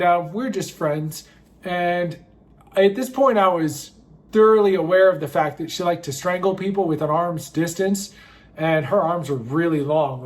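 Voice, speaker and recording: A man in his thirties with a notably high voice spins a rambling, self-mocking tale from his own past. He keeps it wry and loose, full of asides and fillers. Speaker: storyteller. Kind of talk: comic personal storytime.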